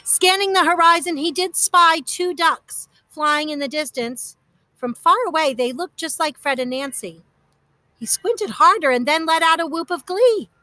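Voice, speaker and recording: Woman reading a kids story aloud, high bright voice, dry close recording. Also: a little slow, no room sound. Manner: lively, expressive. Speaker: narrator. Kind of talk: storybook narration.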